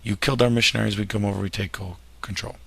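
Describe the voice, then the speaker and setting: A man's voice: lowish voice, steady tone, racing, gravelly, bright, forceful tone, husky, heavily acted. A man voicing a brash, indignant French emperor in a mock-dramatic way.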